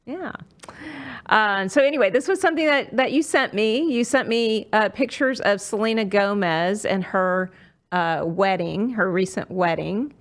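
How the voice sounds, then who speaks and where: A woman's voice: medium pitch, unhurried. A middle-aged woman hosting a casual podcast chat, talking with lots of fillers and restarts. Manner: chatty, many fillers and restarts. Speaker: podcast host.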